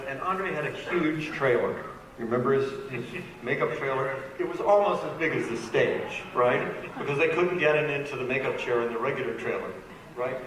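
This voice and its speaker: An older man, an actor on a convention panel, telling an anecdote to an audience and jumping high for children's lines. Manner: animated storyteller who raises his voice high for children's lines. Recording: echoey, distant, noisy hall audio.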